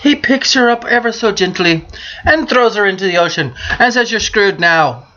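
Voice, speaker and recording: A woman's voice: a little high, lively intonation, normal speed, a bit bright, dull audio. A woman vlogging casually over a beer, telling crude jokes in a brash, joking manner. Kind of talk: casual beer-drinking vlog with bawdy jokes.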